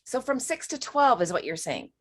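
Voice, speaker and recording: A woman healer speaks on a live stream, her voice sitting a little on the high side. She talks frankly and with emphasis, drops the odd swear word, and calls her listener honey. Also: big pitch swings, moderate pace, fairly bright tone, husky. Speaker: spiritual healer giving a reading. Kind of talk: live-stream healing reading.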